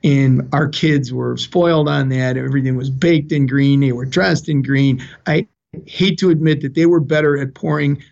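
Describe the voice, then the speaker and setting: An older man speaks as a guest telling his story, earnest and plainspoken, his emotions close to the surface. His medium-pitched, creaky, darkish voice keeps fairly even intonation at a normal speed. The recording is dull and lo-fi.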